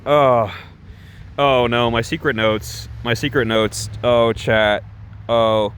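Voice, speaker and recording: A male streamer chats casually on a livestream, rambling and self-conscious, restarting half his sentences. His voice sits at an ordinary mid pitch. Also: steady tone, slow pace, fairly bright tone, a little hiss or hum.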